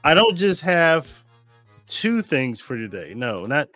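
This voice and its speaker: A man's voice: a little high, big pitch swings, a little slow, a bit bright, soft background music. A man hosting a casual livestream show, rambling and chuckling at himself, groggy from a nap. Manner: rambling, self-deprecating, chuckling. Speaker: show host. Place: home studio in Germany.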